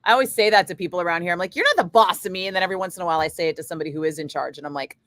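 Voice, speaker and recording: A woman's voice: lowish voice, expressive, fairly bright tone. A middle-aged woman, a radio DJ, chatting casually with viewers on a livestream, blunt and swearing freely. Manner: blunt, swears freely, quick asides to chat. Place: home studio. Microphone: studio microphone.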